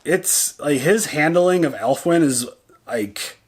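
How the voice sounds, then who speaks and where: A husky, expressive male voice, fairly high and slow-paced. The speaker co-hosts a reaction video, chatting in a loose, foul-mouthed way, thinking aloud, restarting sentences and saying "like" and "dude" a lot.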